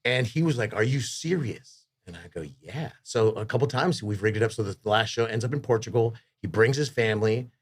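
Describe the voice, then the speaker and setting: Low-pitched male guest, rambling and upbeat, swears freely. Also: fast, hardly any pauses. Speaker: podcast guest, rock singer. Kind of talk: casual chat.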